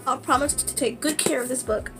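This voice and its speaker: A woman vlogging casually, gushing and excitable, with lots of fillers. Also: high voice, a little fast, gravelly, over music. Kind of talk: casual book vlog.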